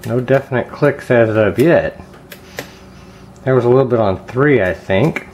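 A man casually talking viewers through picking a lock at his home workbench, thinking aloud with frequent ums and quiet mutters. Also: medium pitch, unhurried, highs cut off, a little hiss or hum. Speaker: lockpicking hobbyist. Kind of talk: casual hands-on demonstration vlog.

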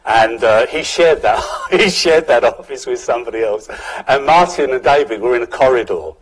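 An older man with a Cockney accent, giving a relaxed public lecture full of anecdotes. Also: medium pitch, normal speed, husky, poor audio. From England, London. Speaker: guest speaker, professor.

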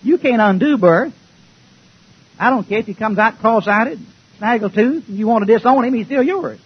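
Husky high-voiced preacher, folksy and fiery. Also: male voice, expressive, moderate pace, highs cut off. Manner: folksy, joking, shouting at times. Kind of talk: fiery sermon. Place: church before a congregation.

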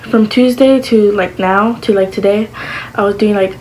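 A woman's voice: mid-range voice, fairly even intonation, moderate pace, darkish tone, a little hiss or hum, poor audio. A woman vlogging in a casual chat to the camera, rambling along with lots of fillers and restarts.

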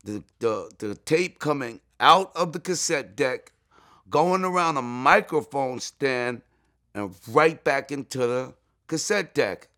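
Excitable man telling stories. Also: takes it slowly. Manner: excitable, repeats "you know what I'm saying", jumps to high voice when quoting. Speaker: interview guest. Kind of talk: animated storytelling.

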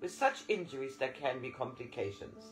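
A man's voice: mid-range voice, expressive, normal speed, music in the background, close to an everyday voice, low-quality recording. A man voicing a jovial little male French country doctor who reassures with fussy good cheer. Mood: cheerful reassuring.

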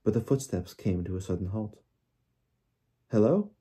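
A man narrating an audiobook in a steady storytelling manner. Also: low voice, brisk, slightly rough. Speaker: audiobook reader.

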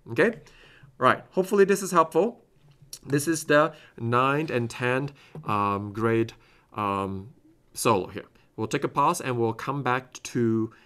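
A man's voice: mid-range voice, a bit bright. A man teaching clarinet in a masterclass, explaining phrasing step by step and singing passages on scat syllables. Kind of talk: recorded masterclass instruction.

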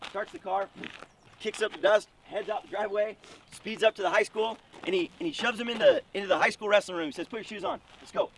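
A man's voice: sits high, fast. A man coaching at a wrestling camp, telling a motivational story with energy and lots of punchy repetition. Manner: energetic, repeats words for punch. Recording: distant mic with faint background noise.

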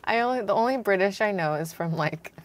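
A young woman co-hosting a stream, chatting casually while playing a chaotic cooking game. She is giggly and flustered, and talks in quick bursts. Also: mid-range voice, expressive, very noisy. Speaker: co-host streamer. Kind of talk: casual gameplay chat.

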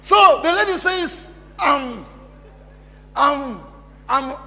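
A man preaching a sermon as pastor, calling out to the congregation and often shouting. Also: very high-pitched, animated, a little slow, vocal fry, long pauses. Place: church hall. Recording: reverberant church hall.

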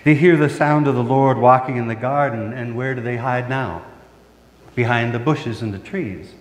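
A man's voice: mid-range voice, steady tone, moderate pace. A middle-aged man preaching a sermon as pastor, putting questions to the congregation and answering them himself. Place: church sanctuary. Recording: reverberant church hall.

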